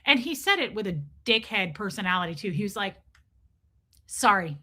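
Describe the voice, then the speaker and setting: A woman hosting a casual livestream, telling a story in an animated, profane ranting way and answering chat comments. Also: medium pitch, quick pace. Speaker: livestream host.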